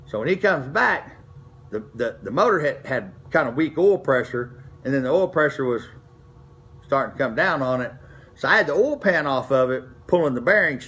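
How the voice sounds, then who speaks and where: A man's voice: medium pitch, fairly bright tone. A middle-aged man, telling racing stories from his past in a folksy, rambling way, full of restarts. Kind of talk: casual storytelling to camera.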